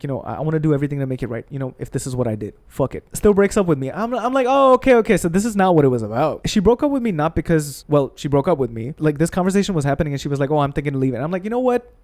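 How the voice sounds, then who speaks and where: A man hosting a gaming channel, telling a personal story in a heated, profane, animated way. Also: a little high, dry recording. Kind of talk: candid storytelling rant.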